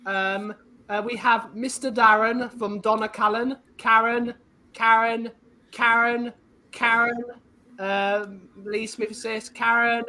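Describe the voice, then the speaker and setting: Woman host, bright and slightly high, teasing quiz-master energy, faint room hum. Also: little pitch movement, slow pace, low-quality recording. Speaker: podcast host. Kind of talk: casual talk show, reading reviews aloud.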